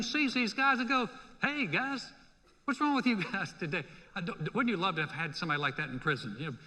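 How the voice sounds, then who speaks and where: Male pastor, high bright voice, lively conversational sermon, long hall reverb. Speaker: senior pastor. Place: church sanctuary.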